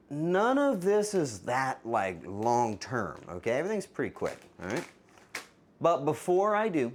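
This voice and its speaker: A man hosting a live cooking stream, chatting with viewers in a playful, teasing way. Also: medium pitch. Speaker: streamer, cooking show host.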